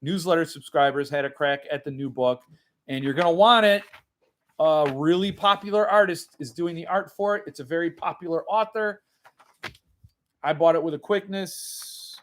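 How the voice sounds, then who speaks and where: High-voiced man rambling on a livestream. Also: moderate pace, fairly bright tone. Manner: rambling, reads chat comments aloud. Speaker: book channel host. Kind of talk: casual livestream chat. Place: home room.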